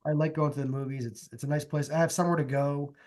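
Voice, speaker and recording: Rambling, somewhat high-voiced man. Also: quick pace. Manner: relaxed, rambling, many fillers. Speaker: podcast co-host. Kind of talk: casual chat.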